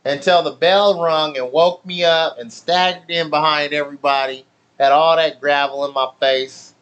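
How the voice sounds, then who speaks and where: A man's voice: on the high side, moderate pace, highs cut off. A man casually telling a childhood story, swearing freely and laughing as he goes. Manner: profane, laughing, animated storytelling. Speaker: channel host.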